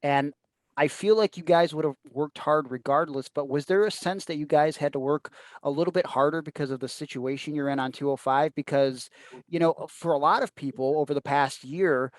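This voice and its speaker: A man's voice: fairly high pitch, fairly quick, no echo. Man hosting a podcast, dry close sound. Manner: conversational, long rambling questions. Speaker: podcast host. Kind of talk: casual interview questions.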